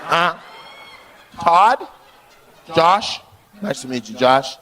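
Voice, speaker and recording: Brash high-voiced male comedian teasing. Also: lively intonation, drawn-out words, bright, forceful tone. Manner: teasing, brash, often laughing mid-line. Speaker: stand-up comedian. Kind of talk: crowd work stand-up. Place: comedy club stage before a live audience. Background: audience laughter and clapping.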